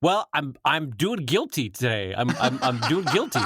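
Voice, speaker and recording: A man's voice: mid-range voice, sing-song, moderate pace, fairly bright tone, husky, no room sound, clean studio sound. A man co-hosting a podcast in a casual chat, joking and self-deprecating, now and then mimicking relatives' voices. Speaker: podcast co-host.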